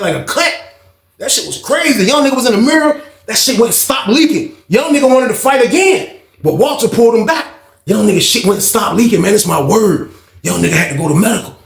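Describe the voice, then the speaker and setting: Guy telling a prison story, high raspy voice, kinda echoey room. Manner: animated, acts out quotes, repeats himself. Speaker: storyteller recounting prison life. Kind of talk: casual storytelling.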